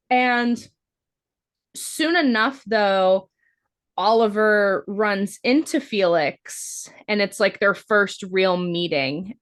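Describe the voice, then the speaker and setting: A woman's voice: mid-range voice, a bit bright. A woman co-hosting a podcast, recapping a film in a casual, rambling way, full of "like" fillers and the odd swear word. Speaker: podcast co-host. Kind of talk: casual movie-review chat.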